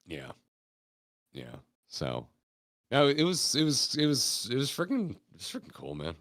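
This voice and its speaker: With a slightly bright, mid-range voice, vocal fry and huge pitch swings, an American man from Florida hosts a podcast at a measured pace. He tells stories loosely and casually, laughing and swearing along the way, in studio-quality audio with no room sound.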